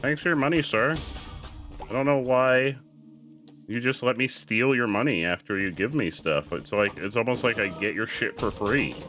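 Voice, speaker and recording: A man streaming a video game, talking casually with his viewers, excitable and swearing freely as he plays. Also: mid-range voice, moderate pace, faint music behind. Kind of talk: casual livestream commentary while gaming.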